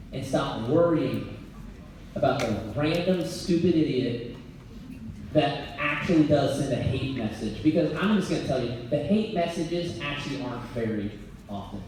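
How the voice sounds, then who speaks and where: A man coaching business owners from a stage, blunt and energetic, laughing at his own jokes. His voice sits high for a man and lands from a distance, swimming in heavy hall echo over a faint room hum. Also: moderate pace. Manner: blunt, energetic, jokey, often laughing mid-sentence. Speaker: business coach giving a motivational talk. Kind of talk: live motivational keynote. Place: event venue before an audience. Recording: very echoey hall, voice picked up from far off.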